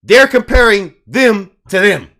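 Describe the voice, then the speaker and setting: A man's voice: high voice, animated, measured pace, fairly bright tone. A man hosting a commentary video, talking emphatically and repeating words for stress. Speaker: host.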